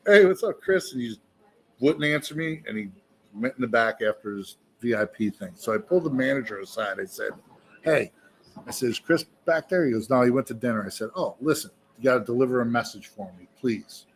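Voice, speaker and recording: A man's voice: mid-range voice, brisk, slight background noise. A man, a musician guest, tells a long story with energy and profanity at an indoor bar, acting out the voices of the people in it. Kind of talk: animated storytelling.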